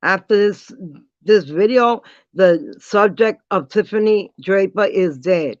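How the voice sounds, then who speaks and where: A woman ranting bluntly to her viewers in a casual vlog, defiant and dropping quick apologies. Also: medium pitch, no echo. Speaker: vlogger. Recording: dull lo-fi dry sound.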